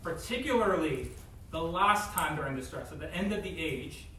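High-voiced man teaching in an echoey room. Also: animated, moderate pace, bright, forceful tone. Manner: conversational, many "like" and "right?" asides; acts out voices in quotes. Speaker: Bible teacher. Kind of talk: casual Bible teaching. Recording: very echoey room, distant mic, faint noise.

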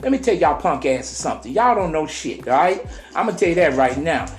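A man's voice: fairly high pitch, sing-song, roomy sound, faint music behind. A man co-hosting a podcast who vents in a heated, emphatic way, cursing and stretching out his words for stress. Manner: heated, cussing, drawn-out emphatic delivery. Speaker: podcast co-host. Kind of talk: casual podcast chat, ranting.

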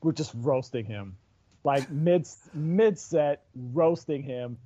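Man, comedian, somewhat high voice, mellow tone, rambling, dry dull lo-fi recording. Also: lively intonation, slow pace, dry recording. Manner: rambling storyteller, many restarts. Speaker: stand-up comedian. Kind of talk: casual chat.

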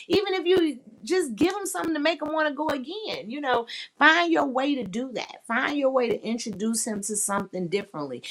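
A woman hosting a sex-talk podcast, speaking frankly and profanely and laughing often. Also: on the high side. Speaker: podcast host.

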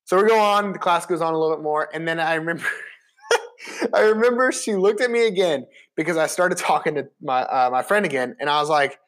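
Twenties male, casual storytelling, slightly high voice, chatty and animated with lots of fillers. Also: brisk. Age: 20s.

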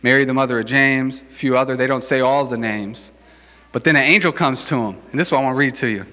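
Male pastor, relaxed joking sermon delivery, forceful tone, long hall reverb. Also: medium pitch, quick pace. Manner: casual, joking, conversational preaching.

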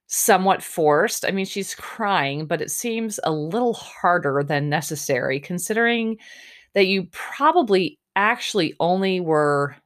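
A woman's voice: on the low side, fairly bright tone. A young woman hosting a podcast, giving a chatty, snarky recap of a reality show. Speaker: podcast host.

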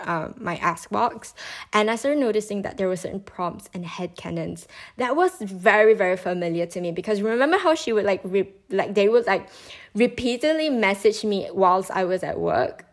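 A young woman telling a story in relaxed, casual chat. Her voice sits at a middle pitch, and she swears freely. She turns loud and high when she acts out the people in her story.

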